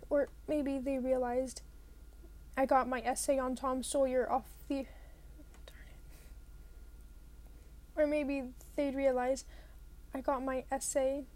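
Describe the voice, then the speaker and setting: High-voiced woman reading a novel. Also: a little mellow. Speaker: reader.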